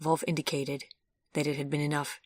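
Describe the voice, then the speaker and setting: A woman narrating an audiobook in a calm, even storytelling manner. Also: low-pitched, a little fast, slightly rough, no room sound, clean studio sound. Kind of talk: scripted narration.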